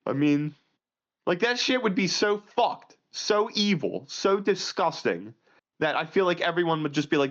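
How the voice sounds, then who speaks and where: A man co-hosting a casual podcast, ranting crudely and swinging between loud outbursts and low mutters. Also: expressive, moderate pace. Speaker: podcast co-host. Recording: muffled lo-fi audio.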